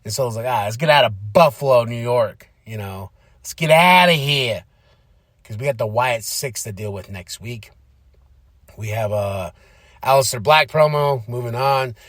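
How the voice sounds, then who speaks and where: A young adult man giving a casual, animated recap of a wrestling show as a podcast host, slipping into playful impressions. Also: mid-range voice, moderate pace, no echo, studio quality. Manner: animated, slips into playful impressions and sing-song bits.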